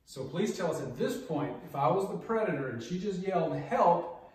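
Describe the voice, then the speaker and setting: A middle-aged man with a fairly high, lively voice and a brisk pace teaches a hands-on safety class as a martial arts instructor, repeating key steps and checking in with "okay?" and "all right?" as he demonstrates. He's in a large martial arts training room, recorded from a distant mic in a very echoey space with faint noise.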